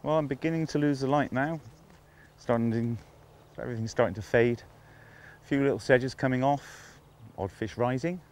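On a riverbank, a man presents a fishing show to camera, talking with admiring enthusiasm as if half to himself. His medium-pitched, darkish voice moves at normal speed.

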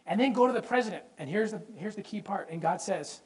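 A man's voice: sits high, fast, hardly any pauses, low-quality recording. Male presenter, fervent religious history lecture, emphatic, rhetorical questions to the room, stumbles into repeats when fired up. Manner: repeats words when excited.

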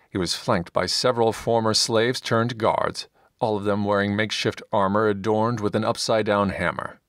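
Man, audiobook narrator, measured, low voice, dry close studio sound. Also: dry recording. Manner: steady, measured storytelling. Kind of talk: scripted narration.

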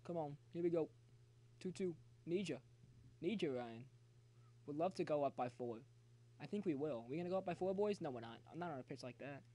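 Excitable young guy streaming a baseball game. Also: fairly high pitch, a little fast. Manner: excitable, talks to chat, cheers players on. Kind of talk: live gameplay commentary. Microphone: phone.

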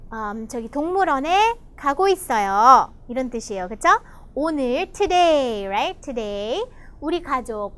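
Brief: woman teacher, enthusiastic storybook reader, bright high voice, fast delivery. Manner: enthusiastic, gasps often, explains in Korean. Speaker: English teacher reading a picture book. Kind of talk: bilingual storybook lesson for children.

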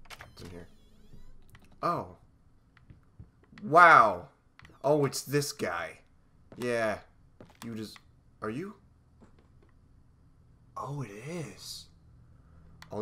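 Guy playing a horror game, sarcastic, low-ish bright voice, faint hum behind. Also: gravelly. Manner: sarcastic, talks to objects in the game. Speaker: let's play gamer.

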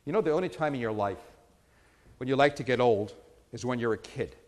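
A man's voice: mid-range voice, fairly quick. Rabbi man preaching in a hall. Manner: storytelling with humor, rising to emphatic peaks. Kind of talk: sermon.

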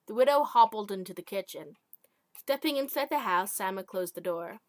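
A woman's voice: mid-range voice, animated, normal speed, no room sound. Woman reading her own story, stumbling. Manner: stumbles over her own typing, self-correcting. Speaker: amateur author.

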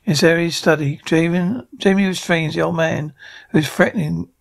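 A man's voice: on the high side, fairly even intonation, moderate pace, vocal fry. A man narrating a radio play aloud, reading out speaker names and stumbling over words.

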